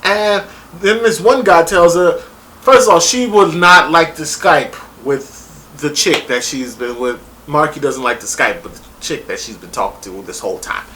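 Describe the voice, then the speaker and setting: A man casually reviewing a reality show on his vlog, rambling and excitable and swearing freely. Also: fairly high pitch, normal speed, a little hiss or hum.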